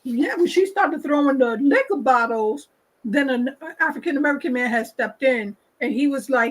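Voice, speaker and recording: A woman's voice: sits high, normal speed, low-quality recording. A woman hosting a talk show, giving her opinion in an emphatic casual way and repeating her points. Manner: emphatic, repeats points, acts out quoted people.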